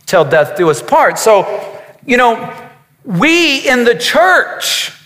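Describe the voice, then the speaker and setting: Man preaching, high voice, emphatic and repetitive, long hall reverb. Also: sing-song, slow pace, bright, forceful tone. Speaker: pastor. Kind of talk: sermon.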